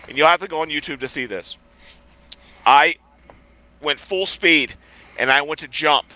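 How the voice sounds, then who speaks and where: Bright-voiced man telling stories. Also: fairly high pitch, normal speed, poor audio. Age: adult, past college. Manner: animated, acts out quoted voices, swears, laughs often. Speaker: podcast co-host. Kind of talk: casual chat, storytelling.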